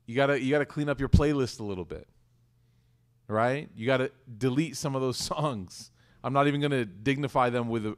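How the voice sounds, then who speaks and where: A man giving an animated, conversational sermon, often putting questions to his audience. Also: medium pitch. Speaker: Islamic teacher.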